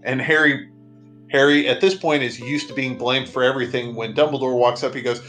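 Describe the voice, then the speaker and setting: A man's voice: medium pitch, steady tone, fairly quick, fairly bright tone, soft background music. A man hosting a casual comedic movie recap with sarcastic joking asides. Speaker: podcast host recapping a movie.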